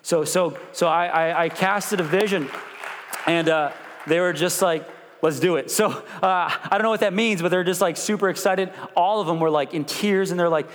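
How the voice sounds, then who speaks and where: A man preaching a sermon as pastor, animated, with call-and-response prompts to the congregation. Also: high voice, normal speed, big-room sound, some chatter behind. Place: church sanctuary.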